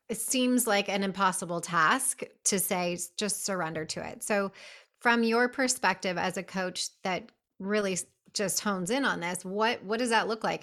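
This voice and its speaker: Woman podcast host, curious interviewer, bright tone. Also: medium pitch, moderate pace. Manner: curious, chatty questioning.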